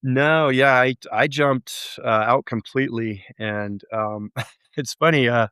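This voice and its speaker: A man telling his story as an interview guest, halting and restarting often, with lively acted-out quotes. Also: medium pitch, clear, resonant tone, no room sound, clean studio sound. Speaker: real estate investor guest.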